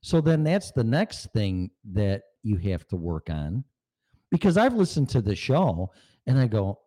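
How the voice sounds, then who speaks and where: A man hosts a podcast in an unhurried, very animated way, his fairly low voice warm in tone. He's blunt in casual chat, swears freely and laughs a lot, recorded on a home studio mic through a small mixer.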